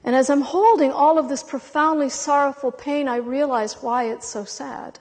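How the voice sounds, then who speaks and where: A woman's voice: high voice, darkish tone. Emotional woman speaker in a reverberant hall. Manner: intense, dramatic, with long pauses between words. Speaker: spiritual speaker. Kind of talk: impassioned spiritual talk to a live audience.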